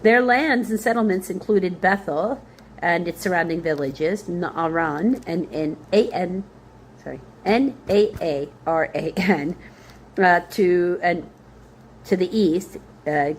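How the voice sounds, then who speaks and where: A woman's voice: lowish voice, takes it slowly, slight background noise. A woman leading a Bible study, reading names from scripture aloud, spelling hard ones out letter by letter and thinking aloud with fillers.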